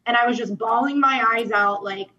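A woman's voice: fairly high pitch, moderate pace, bright, forceful tone, dull audio. A young woman telling her personal testimony as a podcast guest, earnest and emotional, with many "like" fillers.

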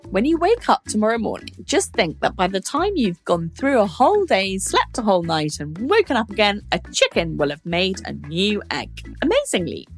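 A woman hosting a children's science podcast, explaining things to young listeners in a playful, animated way. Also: medium pitch, vocal fry.

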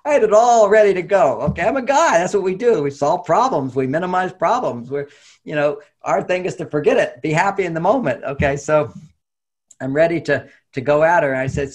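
Middle-aged male therapist, animated storyteller; slightly high, husky voice with fry. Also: moderate pace. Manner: animated storytelling, acting out quotes. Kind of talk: storytelling talk.

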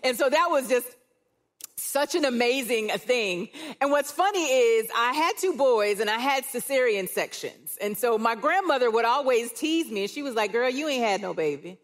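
A grandmother speaking from a church stage, telling personal stories with animated quotes of family members. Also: a little high, normal speed. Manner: warm storytelling, animated quoting of others. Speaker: guest speaker, church care director. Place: church auditorium with live audience.

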